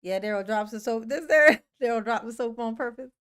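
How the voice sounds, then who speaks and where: A woman hosting a casual livestream, greeting viewers in the chat, playful and laughing often with drawn-out "yes, honey" replies. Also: a little high, smooth. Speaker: livestream host. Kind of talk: casual livestream chat, reading and answering a live chat.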